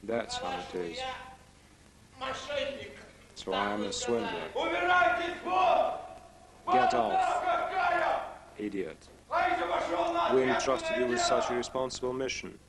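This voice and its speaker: A man voicing every role of a stage play in a single dubbed voice, trading quick lines. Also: lowish voice, over a noisy crowd. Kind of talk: single-voice dubbed theater dialogue.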